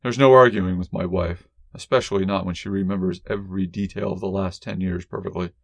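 A man reads a first-person story aloud in a measured, wry, deadpan manner. His voice sits on the low side. The recording is dry and close, with no room sound. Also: gravelly, dry recording. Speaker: audiobook narrator. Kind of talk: first-person fiction narration.

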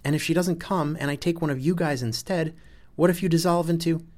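A man reading aloud, voicing a male astronaut who talks in an agitated, strained way and gets loud when upset. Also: sits low, steady tone, moderate pace, lightly acted.

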